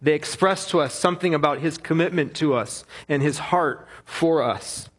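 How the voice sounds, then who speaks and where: A man's voice: on the high side, moderate pace, husky. A middle-aged man preaching a sermon as a pastor, earnest and repeating key phrases for emphasis.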